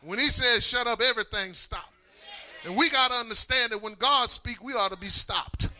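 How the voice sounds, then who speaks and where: A man preaching, his voice pitched very high for a man and strikingly bright and piercing. He rolls into a sing-song chant and shouts out calls to the congregation. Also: moderate pace. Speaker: pastor. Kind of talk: sermon.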